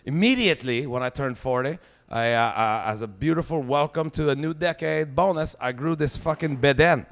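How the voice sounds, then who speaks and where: A man's voice: fairly high pitch, normal speed. A man in his forties with a Québécois French accent, doing a profane, ranting stand-up comedy set. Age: 40s. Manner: profane, ranting, swears heavily.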